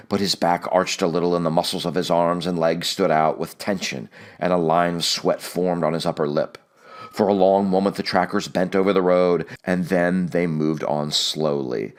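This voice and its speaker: A man reading a novel aloud as an audiobook narrator, measured and steady. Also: deep voice.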